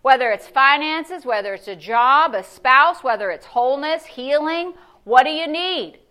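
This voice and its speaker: A woman pastor preaching a sermon, animated and conversational, asking the congregation questions. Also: high voice, measured pace. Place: church service.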